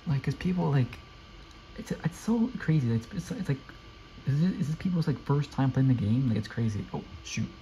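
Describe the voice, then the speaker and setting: A young man giving live, excitable commentary while playing a video game, often repeating quick exclamations. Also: mid-range voice, a little hiss or hum, rough recording. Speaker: gameplay streamer.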